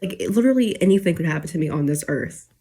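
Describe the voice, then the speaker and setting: In a rambling late-night rant to her viewers, a YouTuber in her twenties stumbles through fillers and restarts, close to tears and struggling to hold them back. She speaks in a lowish, mellow, somewhat husky voice, animated and racing.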